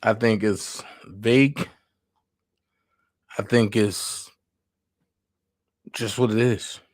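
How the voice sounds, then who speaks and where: A man hosts a casual livestream and speaks slowly in a lowish voice. His talk is blunt and candid. The sound is close and dry, with little room in it. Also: steady tone, no room sound. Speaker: livestream host.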